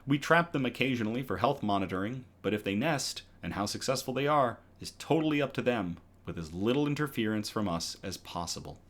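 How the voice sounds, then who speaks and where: A man's voice: mid-range voice, expressive, brisk, hardly any pauses, a bit bright. A man hosting a casual online news show, reading articles aloud in a conversational way with frequent ums and self-corrections.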